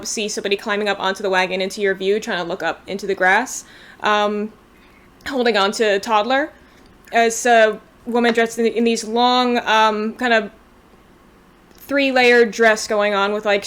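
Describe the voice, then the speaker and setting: A woman's voice: mid-range voice, fairly bright tone. A woman running a tabletop game as game master, describing the scene loosely and in detail over a home mic on a voice call.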